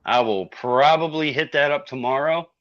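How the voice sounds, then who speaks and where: A man with a bright voice who chats casually on a live stream and teases in a dry, easygoing way. His audio sounds dull and lo-fi. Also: fairly high pitch, normal speed. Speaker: guest on a motorcycle live stream.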